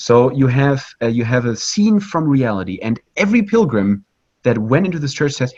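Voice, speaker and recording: A man leading a live online pilgrimage tour of art. He talks in a lively, conversational way, with many fillers and restarts and a habit of asking "right?". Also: mid-range voice, fast, muffled recording. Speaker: virtual pilgrimage tour guide.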